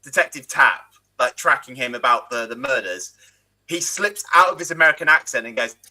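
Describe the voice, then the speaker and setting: A man's voice: mid-range voice, sharp tone, low-quality recording. A man on a casual panel chat, joking and teasing the others. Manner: jokey, quick to laugh and tease. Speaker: panel show co-host.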